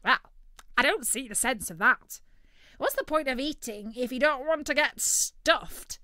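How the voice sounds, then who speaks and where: Woman reader voicing a brash, high, bright-voiced greedy turkey, storybook character. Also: animated, unhurried, no room sound, studio quality, exaggerated voice. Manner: loud, brash and cheeky. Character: greedy boastful male turkey, always hungry.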